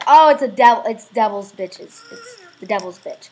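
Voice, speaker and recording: A woman giving casual, excitable let's-play commentary, swearing freely and breaking into loud sudden exclamations. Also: a little high, moderate pace, slightly rough, rough recording. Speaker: gameplay video host.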